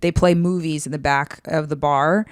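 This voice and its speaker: A woman co-hosts a comedy podcast in relaxed, chatty talk, hedging often with fillers. Her voice is smooth and clean. It sits dry and close on the mic. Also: deep voice, normal speed, dry recording. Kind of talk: casual chat.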